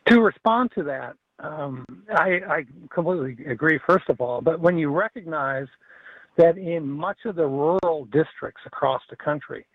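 A man's voice: a little high, animated, moderate pace, no room sound. A man as an earnest radio caller, tinny phone line, dry sound. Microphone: telephone.

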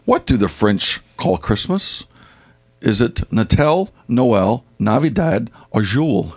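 A man's voice: medium pitch, sing-song, slow pace, a little hiss or hum. A man with a Northern US accent reading out Christmas trivia questions in a casual, jokey way, laughing often and stumbling over his wording. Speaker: quiz host.

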